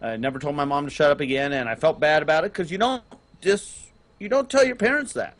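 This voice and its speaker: A middle-aged man, telling a long personal story on a casual gaming podcast, rambling with restarts and getting loud on key points. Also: on the high side, fast talker. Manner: animated, rambling with restarts, rises loud on emphasis. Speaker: podcast co-host and parent.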